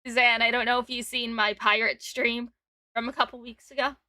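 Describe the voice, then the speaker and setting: A woman's voice: a little high, level tone, moderate pace, bright, forceful tone, no echo. A woman in her twenties hosting a casual stream, giggling often and reading chat messages aloud. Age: 20s. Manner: giggly, talks over guest. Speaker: streamer host.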